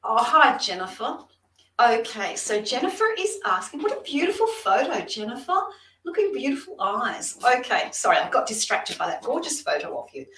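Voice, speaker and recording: A woman's voice: on the high side, sing-song, moderate pace, fairly bright tone. An Australian woman doing psychic card readings on a livestream, chatty and effusive, talking straight to her viewers. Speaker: psychic reader, guest. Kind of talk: live-streamed card readings and chat. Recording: roomy room, distant mic.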